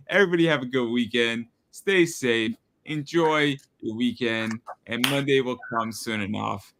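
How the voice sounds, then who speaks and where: A man's voice: medium pitch, normal speed, few pauses, a bit bright. A man hosting a live stream, easygoing as he wraps up the show. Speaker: host. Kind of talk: casual sign-off on a live stream.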